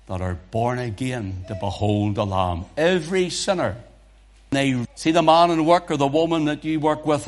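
A man preaching a sermon, moving between hushed breathy passages and loud fervent exhortation. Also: mid-range voice.

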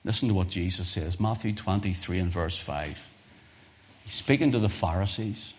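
A lower-pitched male preacher delivering a sermon. He talks in a homely, conversational way and repeats key phrases. Then his voice swells to loud, fervent climaxes before it drops back to quiet asides. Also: normal speed.

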